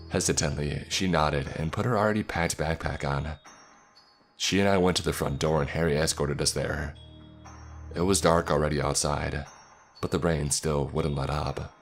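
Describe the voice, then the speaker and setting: Guy with a super deep voice reading a creepy story, slow and measured, faint music under it. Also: fairly even intonation. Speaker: horror story narrator. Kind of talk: scripted first-person horror narration.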